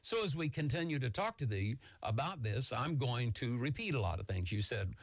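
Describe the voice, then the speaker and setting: A man preaching a Bible-teaching sermon as a pastor, talking fast and excitedly in a folksy, homespun way. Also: medium pitch, no room sound.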